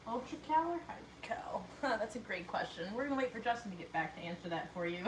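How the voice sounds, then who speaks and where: A woman's voice: medium pitch, lively intonation, quick pace. A woman hosting a casual livestream, reading viewer comments aloud in a giggly, playful way. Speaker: livestream host reading chat. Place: workshop. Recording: echoey workshop from far off with noise.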